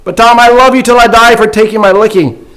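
A man's voice: very high voice, steady tone, fairly quick, fairly bright tone, voice pushed up. A man doing a pleading little boy. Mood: tearful, grateful. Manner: pleading, shaky. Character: hungry, frightened little boy of about ten.

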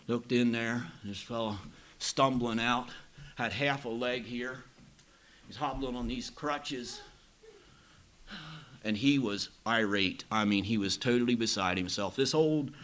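A man's voice: medium pitch, fairly even intonation, unhurried, fairly bright tone. A middle-aged man preaching, telling a personal story in a plain-spoken, folksy way. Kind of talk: sermon storytelling.

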